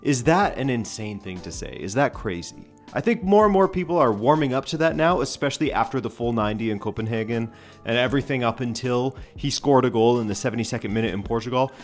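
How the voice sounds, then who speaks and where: A man's voice: medium pitch, lively intonation, fast, faint music behind. A man hosting a casual football vlog, talking in a rambling, stream-of-consciousness way with wry, opinionated asides. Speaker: football channel host.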